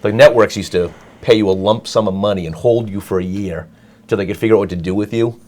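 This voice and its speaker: A man's voice: lowish voice, quick pace, a little mellow. A middle-aged man telling a rambling story in casual chat, full of restarts and asides. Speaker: guest storyteller.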